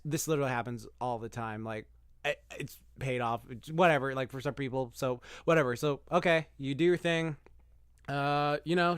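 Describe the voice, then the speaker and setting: A man's voice: fairly high pitch, a bit bright, clear, resonant tone, no room sound, studio quality. A man casually giving dating advice on a podcast, rambling and swearing, acting out imagined messages in a raised voice. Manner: rambling, swears, acts out quoted texts in a raised voice. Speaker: podcast co-host.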